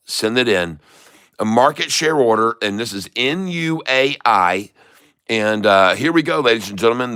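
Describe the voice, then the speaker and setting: A man's voice: medium pitch, sharp tone, clear, resonant tone. A middle-aged man hosting a live day-trading stream, upbeat, greeting viewers and reading out their chat messages. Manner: upbeat, reads out viewer comments, hypes the audience. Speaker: day-trading livestream host.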